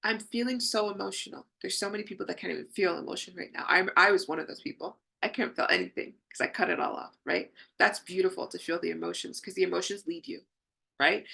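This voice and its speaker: A woman's voice: mid-range voice, gravelly, bright, forceful tone, slightly rough. A woman leading a live online healing session, talking to her viewers in an effusive, affirming way. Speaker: spiritual healing coach.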